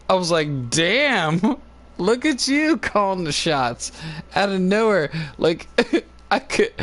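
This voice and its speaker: A man chatting casually on a livestream into a phone, laughing often and talking in loose, halting, filler-filled sentences. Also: on the high side. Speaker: live streamer. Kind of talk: rambling casual chat. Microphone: phone on a cord.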